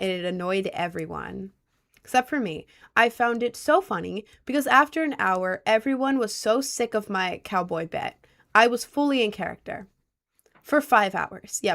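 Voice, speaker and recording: A young woman livestreams from home, casually chatting and answering viewers' messages. Her medium-pitched voice is a bit bright, and she rambles with plenty of fillers like "like" and "I don't know."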